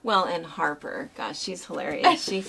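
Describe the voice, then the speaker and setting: A middle-aged woman chatting casually as co-host, telling animated family stories and laughing often. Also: low-pitched, normal speed, vocal fry, crowd noise. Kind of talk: casual chat.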